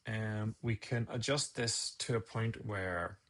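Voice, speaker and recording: A man's voice: lowish voice, slow, fairly bright tone. A man casually talking viewers through a photo edit on a live stream, rambling and thinking aloud as he works.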